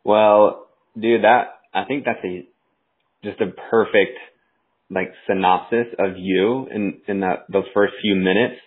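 A man's voice: fairly low pitch, steady tone, a little slow, husky. A man hosting a podcast, laid-back and casual, calling his guest "dude". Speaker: podcast host. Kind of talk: casual interview chat. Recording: tinny phone-like line.

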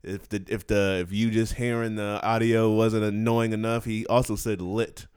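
A man's voice: on the low side, flat delivery, moderate pace, a little mellow, smooth, no echo, studio quality. A man hosting a podcast in a joking, casual way, laughing often between lines. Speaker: podcast host. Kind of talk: casual chat.

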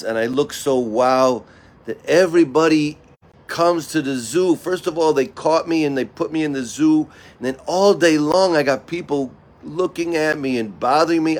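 A man's voice: a little high, voice pushed up, lightly acted. A man voicing a sad peacock in a zoo who longs for freedom, speaking in a raised, wistful storybook voice.

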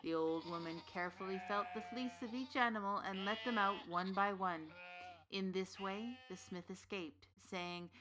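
A woman's voice: mid-range voice, noisy background, natural voice. A woman as an old witch telling a folktale. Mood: measured. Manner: measured, deliberate storytelling. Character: old witch storyteller, knowing and dry. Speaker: narrator. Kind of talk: scripted storytelling narration.

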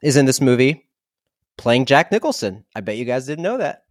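Man, podcast co-host, animated storyteller, mid pitch, dry close sound. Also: moderate pace, dry recording. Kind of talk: casual comedic chat about movies.

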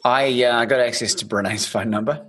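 A man's voice: mid-range voice, fairly even intonation, moderate pace, a bit bright, a little hiss or hum. A man hosting a podcast, telling stories in a rambling, casual way with many restarts. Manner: storytelling, rambling, frequent restarts and swearing. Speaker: podcast host. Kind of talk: casual interview chat.

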